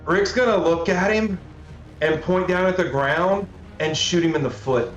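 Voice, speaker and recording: A man's voice: high voice, measured pace, muffled recording, faint music behind. Man playing a tabletop game, roomy sound. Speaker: player. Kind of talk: casual tabletop play.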